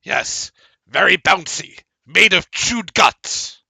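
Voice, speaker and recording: A man voicing a small gray bat-eared ghoul servant, fawning and excitable, in a tabletop game. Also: slow, vocal fry, breathy edge, no room sound, exaggerated voice. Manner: squeaky, excited, rambling.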